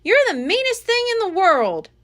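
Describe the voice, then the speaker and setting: A woman reading aloud and voicing an excitable young girl on a jungle adventure, high and eager. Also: heavily acted. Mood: shouting. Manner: high, eager, quick to cry out.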